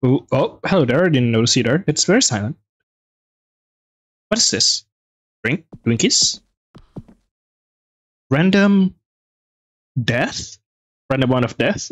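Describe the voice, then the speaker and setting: A man with a medium-pitched, slightly breathy voice provides lively, talkative let's play commentary for a gaming channel. He reads the on-screen text aloud and reacts quickly, with no echo in the recording.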